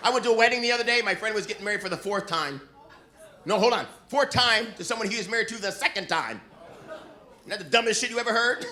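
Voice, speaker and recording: Speaking high, fast and sharp with animated delivery, a middle-aged comic works the crowd at a club, brash and profane as he teases them. Laughter from the audience fills the live recording.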